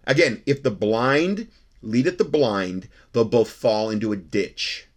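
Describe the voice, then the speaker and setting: A man's voice: mid-range voice, lively intonation, unhurried. A man hosting a religious commentary show, talking in an emphatic, repetitive, argumentative monologue.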